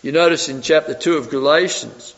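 Emphatic preacher in a reverberant hall. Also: male voice, fairly high pitch, a little fast. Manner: asks the audience rhetorical questions, swings between loud emphasis and soft asides. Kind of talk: sermon. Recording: reverberant hall, dull lo-fi sound.

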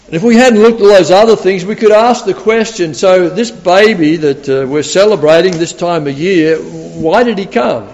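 A man preaching a sermon with a voice pitched well above most men's. He sounds animated, doubles his words as he restarts, and keeps turning questions to the congregation. His voice rings through a large church with a long reverb. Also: normal speed, hardly any pauses.

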